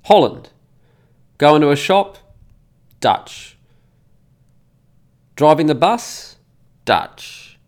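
A man's voice: fairly high pitch, very animated, extremely slow, long pauses. A middle-aged man in a casual monologue, indignant and emphatic, repeating words for effect. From Australia. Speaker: commentator. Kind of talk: casual monologue reading comments.

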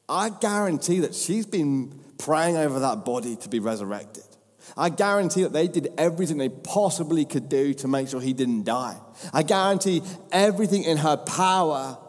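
A man's voice: a little high, darkish tone. Guy preaching, fired up and repeating himself for emphasis, big echoey hall. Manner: impassioned, repetitive emphatic phrasing. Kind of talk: sermon. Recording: long hall reverb.

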